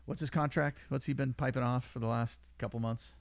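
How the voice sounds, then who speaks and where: A man's voice: medium pitch, fairly even intonation, fairly quick, gravelly, dry recording. A middle-aged man hosting a podcast in casual chat, rambling and joking with frequent laughs. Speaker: podcast host. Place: small studio room.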